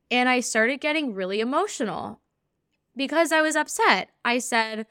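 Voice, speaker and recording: A woman hosts a podcast and tells a personal story as a spiritual practitioner. Her voice sits a little high, bright and smooth, and she tells it in an earnest, animated way, acting out each remembered conversation. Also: moderate pace, no echo, studio quality.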